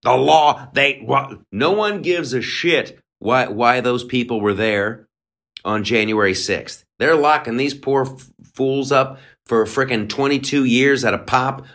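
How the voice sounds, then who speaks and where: A man's voice: medium pitch, a little slow, a bit bright. A man co-hosting a podcast, ranting in a heated, profane way with many stammered restarts. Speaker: podcast co-host. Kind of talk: opinionated podcast rant.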